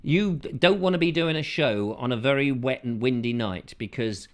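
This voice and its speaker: A man hosting a casual chat show, reading out viewer comments with playful, silly asides and sudden falsetto bursts. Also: moderate pace, very noisy.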